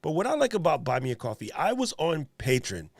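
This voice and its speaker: Gravelly joking man from New York. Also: a little high, fairly quick, no room sound, clean studio sound. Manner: animated, joking, talks to viewers and chat. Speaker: livestream host. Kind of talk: casual livestream chat.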